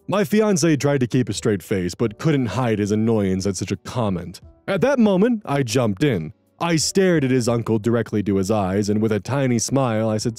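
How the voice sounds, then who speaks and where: Animated man reading stories aloud. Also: mid-range voice, moderate pace, no echo, faint music behind. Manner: animated, expressive reading with wry asides. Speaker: story narrator and commentator.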